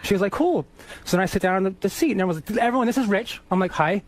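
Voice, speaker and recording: Brief: high, quick-talking man from Boston, animated storyteller, swears and laughs through his anecdotes. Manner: animated, swearing, laughs while telling stories. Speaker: guest musician. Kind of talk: casual storytelling on radio.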